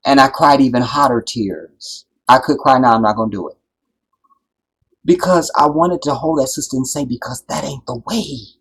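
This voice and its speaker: A man hosting a live stream, talking in an impassioned, preachy way that builds to loud, emphatic peaks and keeps checking that his listeners follow. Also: mid-range voice, moderate pace, slightly rough, rough recording. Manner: preachy, builds to loud emphatic peaks, keeps asking "you see what I'm saying". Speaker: livestream host.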